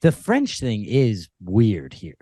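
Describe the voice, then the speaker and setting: Laughing young man, lively voice. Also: fairly low pitch, takes it slowly, breathy edge, no echo, clean studio sound. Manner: laughing often, rambling with restarts. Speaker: podcast co-host. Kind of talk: casual comedic chat. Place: hotel room.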